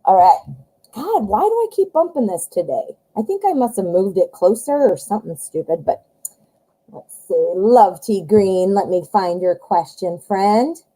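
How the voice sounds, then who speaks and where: A chatty, excitable woman, hosting a live tarot reading stream and joking about herself. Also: medium pitch, measured pace, poor audio. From western suburbs of Chicago, US. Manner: chatty, excitable, self-deprecating jokes.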